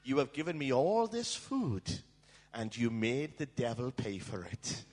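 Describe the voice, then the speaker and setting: A man's voice: mid-range voice, sing-song, measured pace, a little mellow, voice pushed down. A male preacher voicing a devout elderly woman who prays aloud fervently, in an echoey hall. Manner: fervent, prayerful.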